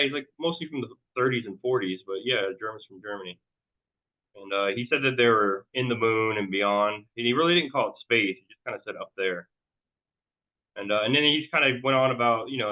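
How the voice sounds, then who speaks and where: A man recounting a story in a loose, rambling way, stumbling over his words and restarting sentences as he goes. His voice comes through a thin, tinny line that sounds like a phone call. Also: on the low side. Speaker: guest. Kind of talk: casual storytelling interview.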